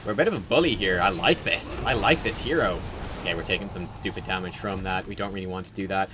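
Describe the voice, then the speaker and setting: A man with a lowish voice talks through a video game stream in a loose, chatty way, wandering between thoughts and filler words. Now and then he bursts out excitedly at the action. A faint hiss sits under his voice. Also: fast talker. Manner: chatty, rambling, with fillers and sudden excited outbursts. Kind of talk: casual livestream gameplay commentary.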